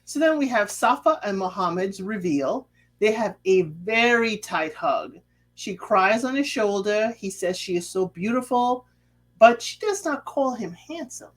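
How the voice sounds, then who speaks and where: Sassy woman host for a reality-TV recap. Animated pitch, quips and rhetorical asides. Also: a little slow. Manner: sassy, chatty, drops asides and rhetorical questions; acts out quoted lines in a lively voice. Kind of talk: casual reality-show recap.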